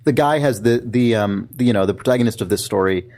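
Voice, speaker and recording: A young adult man co-hosting a podcast, chatting casually and acting out little bits of dialogue with animated energy. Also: on the low side. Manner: animated, acts out characters' lines in quick impressions. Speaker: podcast co-host. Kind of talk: casual chat.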